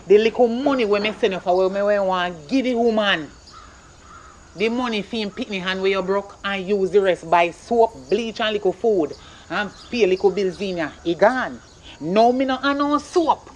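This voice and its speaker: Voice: mid-range voice, slight background noise, close to an everyday voice. Performer playing a bossy Jamaican mother. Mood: scolding. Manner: scolding, bossy, rapid patois. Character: stern broke Jamaican mother scolding her son. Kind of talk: comedy skit acting.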